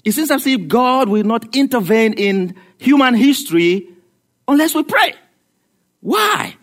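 A man preaching a sermon in an animated, rhetorical way, asking questions and joking. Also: very high voice, a little slow. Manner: animated, rhetorical, laughs at his own jokes.

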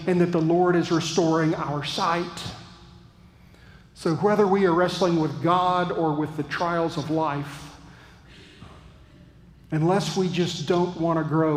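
A man preaching a sermon as pastor, earnest and reflective, with thoughtful pauses. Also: fairly high pitch, roomy sound, long reverb tail, rough recording. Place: church.

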